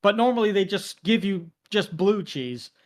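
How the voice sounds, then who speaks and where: Brief: man, podcast co-host, high pitch, animated chatty storyteller. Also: moderate pace. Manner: animated storytelling, acts out quoted exchanges. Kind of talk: casual chat.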